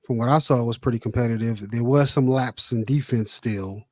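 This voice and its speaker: A man co-hosting a sports podcast, chiming in with relaxed casual comments. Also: mid-range voice, fairly quick, no room sound. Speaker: podcast co-host.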